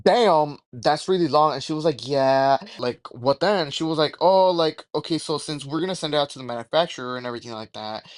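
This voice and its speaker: A man's voice: fairly high pitch, no room sound. A young man telling a rambling, profane storytime with jokey exaggerations. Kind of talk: casual storytime rant.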